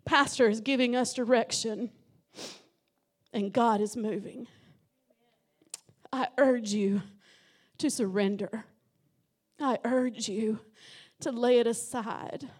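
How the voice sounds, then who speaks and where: A middle-aged woman preaching a Pentecostal sermon in a church, impassioned and rising to shouts. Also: on the high side, steady tone, slow pace, long pauses. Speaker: guest preacher. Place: church sanctuary.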